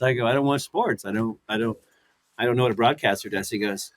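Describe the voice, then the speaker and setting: A man in his fifties, a guest in a casual interview, telling stories in an animated way, acting out quotes and laughing often. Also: mid-range voice, fast. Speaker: guest, former fighter and commentator.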